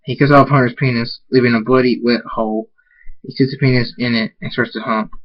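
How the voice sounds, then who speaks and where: A man reading fan fiction aloud, halting and restarting words as he goes. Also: mid-range voice, steady tone, lo-fi sound. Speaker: amateur reader.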